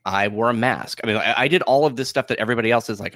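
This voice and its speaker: A man's voice: mid-range voice, racing, fairly bright tone, dry recording, studio quality. A man co-hosting a podcast, talking in a frank, conversational way. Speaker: podcast co-host. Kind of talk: casual chat.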